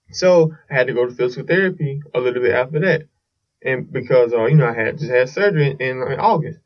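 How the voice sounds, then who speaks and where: A man's voice: mid-range voice, fast talker, distant mic, muffled recording. A man hosting a casual solo podcast, telling a long story in a rambling way with restarts and swearing. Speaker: podcast host.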